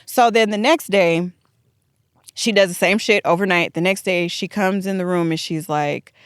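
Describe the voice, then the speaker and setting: A woman telling a long personal story in casual podcast chat, animated and acting out the dialogue. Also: lowish voice, normal speed, clear, resonant tone, no room sound, studio quality.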